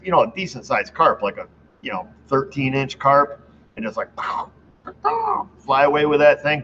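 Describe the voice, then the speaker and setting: A man's voice: mid-range voice, fairly bright tone. Middle-aged shop guy from new york chatting to viewers, keeps chuckling, faint noise behind him. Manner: rambling, laughs at own stories. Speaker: auto shop owner, channel host. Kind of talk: casual chat to viewers. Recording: dull lo-fi sound with faint background noise.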